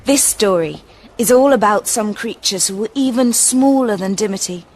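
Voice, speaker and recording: A woman reading a children's storybook aloud in a gentle, expressive way. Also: a little high. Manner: gentle, expressive, varied pacing.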